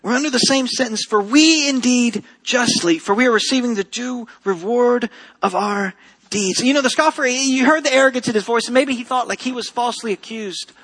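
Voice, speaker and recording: A male pastor delivers an earnest sermon with a voice pitched unusually high. His tone is bright and edged with a husky grain. He drives points home by repeating key phrases. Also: brisk, low-quality recording.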